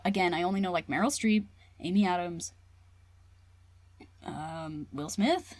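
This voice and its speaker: A woman co-hosting a casual book club podcast, chatty and hedging, quick to play down her own opinions. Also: on the low side, no echo. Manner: lively, hedging, self-deprecating. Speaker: podcast co-host.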